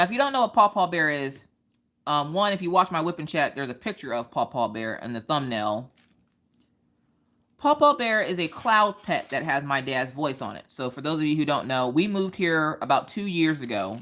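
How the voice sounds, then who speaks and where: A woman, hosting a casual craft livestream chat and telling stories in an animated way. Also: sits low, moderate pace. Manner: animated storytelling, acts out quoted voices.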